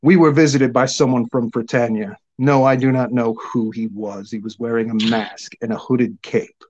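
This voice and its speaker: A man's voice: mid-range voice, fairly even intonation, moderate pace, darkish tone, highs cut off, lightly acted. A man voicing an angry, cruel old crone witch who snaps and sneers, in a storybook reading. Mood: sullen. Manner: snapping, sneering.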